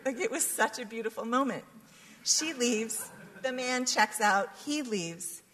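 Woman, guest storyteller, animated and laughing, reverberant hall. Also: on the high side, takes it slowly, crowd noise. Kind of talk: personal story told to a congregation. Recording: long reverb of a large hall.

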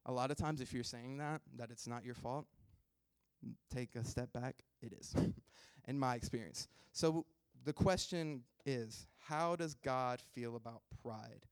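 A man's voice: medium pitch, unhurried, smooth, no echo. A man in his twenties giving a casual, self-deprecating sermon and chatting easily with his listeners. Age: 20s.

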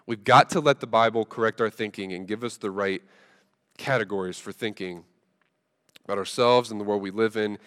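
A man preaching a sermon, telling a funny story in a relaxed, conversational way with lots of fillers. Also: lowish voice, fairly quick. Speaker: pastor. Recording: long reverb from a large hall.

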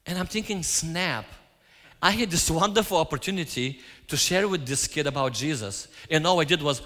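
A man's voice: fairly high pitch, lively intonation, normal speed, sharp tone. A man giving a sermon, telling stories and acting out his own quoted lines. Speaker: preacher. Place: church. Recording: hall reverb.

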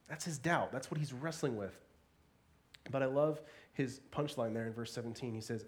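A man's voice: medium pitch, normal speed. A man preaching a sermon in a church, earnest and emphatic, swelling and dropping his voice for emphasis. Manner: earnest, varies pace and volume for emphasis. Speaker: pastor.

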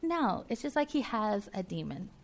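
A woman's voice: mid-range voice, big pitch swings, normal speed. A woman with a Southern US accent preaching a sermon in a conversational way, with joking asides and voiced reactions from her listeners.

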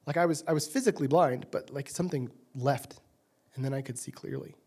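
A man's voice: mid-range voice, brisk, dark tone, husky. A young man preaching a sermon in an earnest, conversational way, often restarting phrases. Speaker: pastor.

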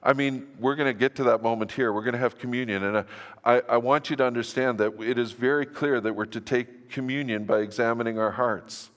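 A man's voice: mid-range voice, fairly even intonation, brisk, fairly bright tone. An older man preaching a sermon to his church, conversational and earnest, with self-deprecating asides. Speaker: pastor. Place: church sanctuary. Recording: echoey hall reverb.

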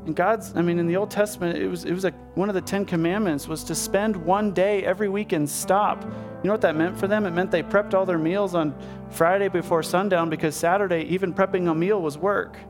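A pastor preaching a sermon in a conversational, earnest way that builds into animated urging. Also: male voice, high-pitched, brisk, over music.

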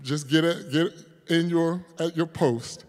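Man, pastor, sermon, high voice, loud declarations and hushed prayer, long church-hall reverb. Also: fairly even intonation, unhurried. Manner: calls on the congregation, jokes and laughs with them.

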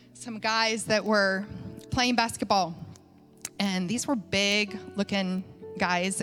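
A woman's voice: medium pitch, fairly bright tone. A woman speaking to a congregation, telling a personal story in a chatty, conversational way with many fillers and restarts. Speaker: church speaker. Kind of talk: sermon storytelling. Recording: faint music behind.

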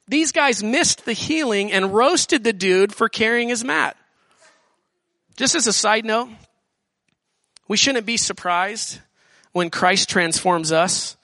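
A man's voice: sits high, bright, forceful tone, no room sound. A man preaching as a student pastor in a casual, slangy style, often acting out what people in the story say. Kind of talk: sermon.

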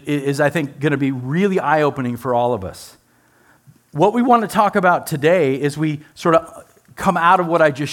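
A male pastor preaching a sermon in a conversational way, asking the congregation rhetorical questions and adding playful asides. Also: on the high side.

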